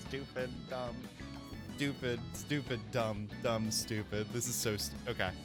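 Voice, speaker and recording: A man's voice: medium pitch, fairly even intonation, music in the background. A man streaming a video game, chatting casually in a jokey, rambling way. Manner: jokey, rambling, quick laughs. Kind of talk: casual gameplay commentary.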